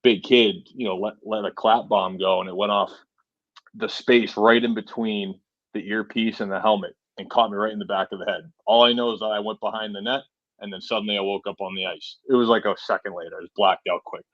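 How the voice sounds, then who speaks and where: Speaking with a fairly low pitch and a steady, fairly bright tone, this forties-aged man from Massachusetts moves at a brisk clip. He's a truck driver guesting on a podcast, rambling through stories with plenty of "you know" and "right?". There's no echo, though the highs are cut off.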